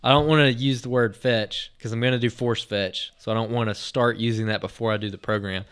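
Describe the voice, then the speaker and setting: Man rambling through an excited story. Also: medium pitch, brisk, clear, resonant tone. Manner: rambling, filler-heavy retelling with many restarts; lively, excited anecdote telling. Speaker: podcast host. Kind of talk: casual storytelling on a podcast.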